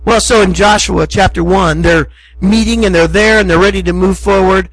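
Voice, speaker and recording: Husky-voiced man preaching a sermon. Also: high voice, steady tone, moderate pace, fairly bright tone, no room sound, soft background music, rough recording. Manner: conversational, emphatic preaching with acted asides. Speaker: pastor.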